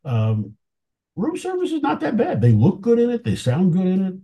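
A man's voice: high-pitched, huge pitch swings, moderate pace, warm tone, slightly rough. A man talking casually as an interview guest, telling anecdotes with enthusiasm and chuckling now and then. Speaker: film historian guest.

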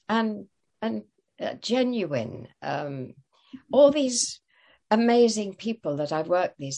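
A woman's voice: lowish voice, vocal fry, a little mellow. An older woman telling stories as an interview guest, hesitant, with many fillers and restarts. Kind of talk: casual interview storytelling.

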